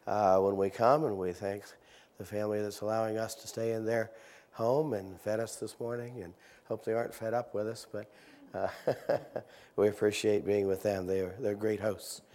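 A middle-aged man preaching a sermon, leading his congregation in call-and-response Bible reading and rising from soft-spoken asides to loud, emphatic exhortation. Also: on the low side. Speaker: visiting preacher. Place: church sanctuary.

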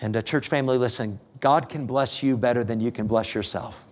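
A middle-aged man preaching a sermon as a pastor, telling a family story with gentle humor and lively rises and falls. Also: medium pitch, a little fast. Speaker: pastor becoming missionary.

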